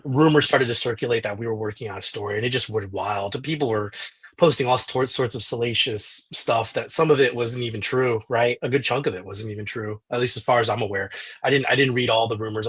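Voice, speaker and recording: Husky guy on a podcast recounting a story, lots of restarts, acts out the dialogue. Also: medium pitch, quick pace. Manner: animated retelling with frequent restarts and quoted dialogue. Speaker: podcast guest, journalist.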